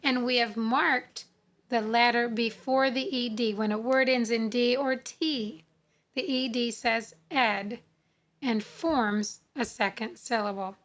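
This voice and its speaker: A woman teaching English spelling, sounding out words slowly and repeating each rule. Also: fairly high pitch, fairly even intonation, fairly bright tone. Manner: slow, deliberate, sounding out words and repeating rules. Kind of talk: phonics lesson.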